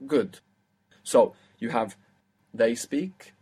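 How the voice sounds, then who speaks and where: A man's voice: medium pitch, drawn-out words, a little mellow, husky. Patient male language teacher. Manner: patient, explains step by step and prompts the student. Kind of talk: spoken language lesson.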